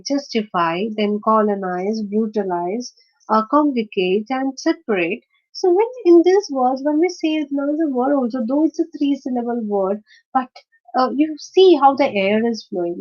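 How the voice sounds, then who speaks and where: Female teacher, hesitant lecture delivery, full of fillers and corrections, drawn-out example words, slightly dull lo-fi recording. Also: mid-range voice, darkish tone. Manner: spells out and slowly stresses example words. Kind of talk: phonetics lecture.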